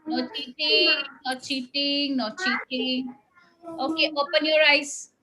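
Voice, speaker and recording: Slow, high-voiced teacher woman. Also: level tone, heavy background noise. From India. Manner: patient, drawn-out, coaxing teacher talk. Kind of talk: classroom phonics lesson with children.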